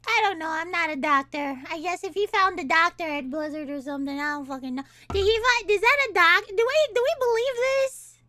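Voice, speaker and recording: Very high-pitched giggly streamer woman. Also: animated, a little fast, hardly any pauses, pushed and bright, no echo, studio quality. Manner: chatty, giggly, rambling with restarts. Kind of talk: casual live-stream chat.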